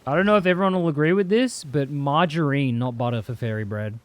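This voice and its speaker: A man's voice: on the high side, fast talker. A young Australian man chatting casually and rambling while he streams a game, swearing freely and answering chat. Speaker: livestreamer.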